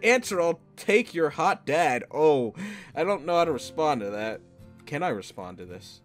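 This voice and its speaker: A man's voice: fairly high pitch, big pitch swings, normal speed, faint music behind. A man doing casual let's-play commentary, reading text messages aloud, laughing often and swearing freely. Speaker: gaming YouTuber.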